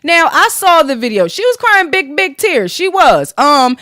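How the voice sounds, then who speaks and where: Sassy high-voiced woman podcast host. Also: a little slow, no room sound, studio quality. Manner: sassy, profane, animated gossip. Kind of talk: casual commentary podcast.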